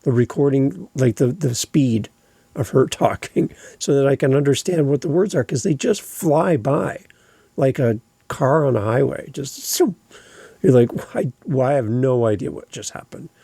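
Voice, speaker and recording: A man's voice: mid-range voice, moderate pace, vocal fry, warm tone, husky, dry recording. A Canadian man hosting a podcast, speaking in a conversational, opinionated way. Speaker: podcast host. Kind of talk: casual podcast talk.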